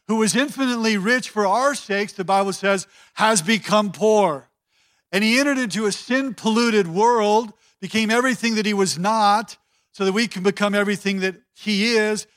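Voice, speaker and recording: A pastor preaching a sermon, building long cadenced lists and leaning on key words. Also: male voice, sits high, fairly bright tone.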